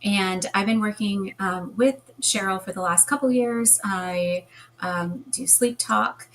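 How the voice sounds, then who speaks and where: A woman's voice: mid-range voice, fairly even intonation, slow pace, a bit bright, slight background noise, poor audio. A woman answering as an interview guest, speaking fluently in an explanatory way. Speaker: guest hypnotherapist.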